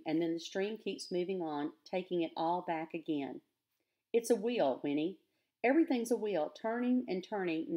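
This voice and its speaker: A woman's voice: medium pitch, mellow, lightly acted. A woman voicing a weary, earnest rustic father who talks in plain country grammar.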